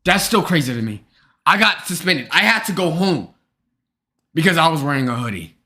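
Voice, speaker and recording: A young man hosting a live stream, chatting casually and jokingly with his viewers in an animated way. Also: on the high side, normal speed. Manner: animated, joking, talks straight to chat. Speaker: streamer host.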